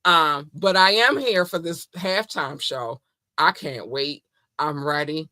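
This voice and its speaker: A woman's voice: low-pitched, takes it slowly, bright, forceful tone, no room sound, studio quality. A woman hosting her podcast in a casual monologue, effusive and playful, often laughing. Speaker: podcast host.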